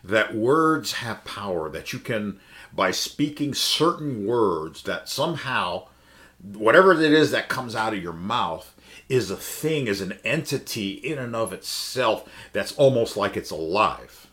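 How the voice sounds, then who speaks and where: A man's voice: lowish voice, very animated, measured pace, a bit bright. A man teaching the Bible in a conversational sermon, emphatic and full of rhetorical questions. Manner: emphatic, asks the listeners many rhetorical questions.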